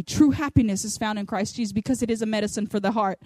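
A woman's voice: medium pitch, fast talker, a little mellow, no room sound. A woman giving a sermon to other women, chatty and storytelling, acting out little quotes. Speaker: women's ministry speaker.

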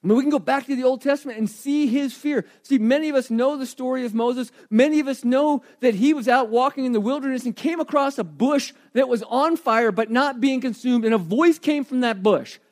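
A middle-aged man, a pastor, preaching an animated sermon and questioning the congregation directly. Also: very high-pitched, brisk, hardly any pauses.

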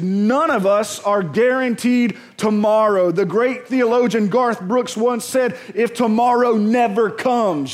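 A high-voiced man preaching a sermon. He talks to the congregation like friends, jokes a lot and keeps asking the room questions. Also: measured pace. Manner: conversational and joking, calls out to the congregation. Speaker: pastor. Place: church auditorium.

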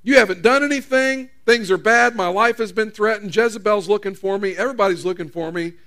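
A preacher voicing a panicked, self-pitying male prophet on the run, complaining in rapid exasperated questions. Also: sits high, vocal fry, fairly bright tone.

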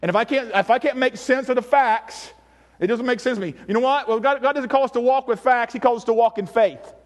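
High-voiced animated male preacher. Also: fairly quick. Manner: animated, acts out voices, shouts for emphasis. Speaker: pastor. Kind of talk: sermon.

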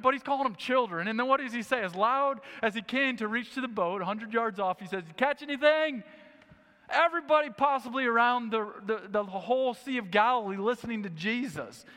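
Man, preacher, high voice, sermon, animated storytelling, echoing hall. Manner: animated storytelling, acting out scenes. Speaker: pastor.

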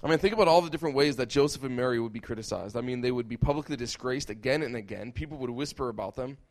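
Fast-talking preacher man, emphatic. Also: medium pitch. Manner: emphatic, rhetorical questions and repetition. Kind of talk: sermon.

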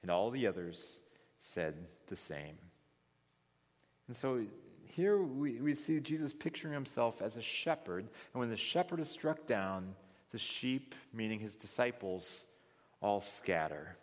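A man leads a Bible study in a thoughtful, explanatory way. His pitch rises and falls a lot as he gives the quotes some life. His voice rings with a long reverb, as if in a large hall. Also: lively intonation, measured pace. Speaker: Bible teacher.

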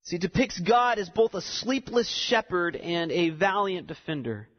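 A man's voice: high voice, normal speed. A man preaching a sermon, explaining a text and building to emphatic repeated lines. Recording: dull sound with long reverb in a hall.

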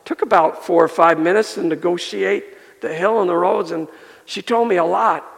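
A male pastor preaching a sermon and telling a personal story, earnest, building up and softening by turns. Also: high voice, normal speed, vocal fry. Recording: long reverb of a large hall.

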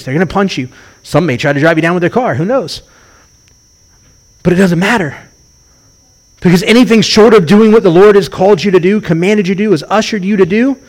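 Middle-aged male rabbi preaching, somewhat high-pitched, lively and animated delivery. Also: fairly quick. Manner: animated storytelling, acts out quoted voices. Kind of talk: sermon.

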